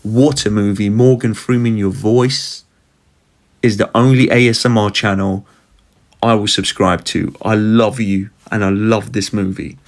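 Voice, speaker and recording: A man's voice: fairly low pitch, fairly even intonation, unhurried, a little hiss or hum. A young man giving a brash, swearing, comic rant as he counts down his favourite movies on his vlog. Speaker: vlogger.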